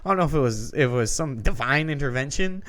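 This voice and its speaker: A man's voice: mid-range voice, lively intonation, quick pace, a bit bright. Rambling, foul-mouthed podcast guy. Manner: rambling, swears often, many restarts. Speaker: podcast co-host. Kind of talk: casual profane storytelling.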